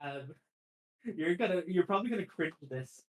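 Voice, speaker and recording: Male co-host, slightly high voice, hesitant chatty delivery. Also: expressive, normal speed, darkish tone. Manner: chatty, hesitant, laughs often. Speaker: podcast co-host. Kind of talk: casual chat.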